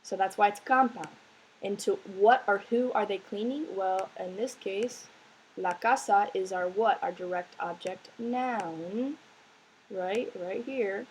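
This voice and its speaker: A woman's voice: mid-range voice, slight background noise, poor audio. A woman teaching a recorded language lesson, explaining step by step and checking in with "right?" as she goes. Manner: slow, patient explaining with frequent "right?" checks. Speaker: Spanish teacher.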